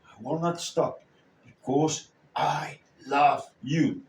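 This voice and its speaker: A preacher acting out God as a loving Father who speaks low, soft and tender. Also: steady tone, slow, creaky, a little hiss or hum. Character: gentle loving heavenly Father. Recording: echoey room, far from the mic.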